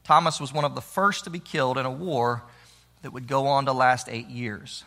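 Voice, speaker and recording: A man giving a historical storytelling talk, with dramatic, emphatic delivery that drops to a hush. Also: medium pitch, steady tone, normal speed, creaky. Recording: long reverb of a large hall.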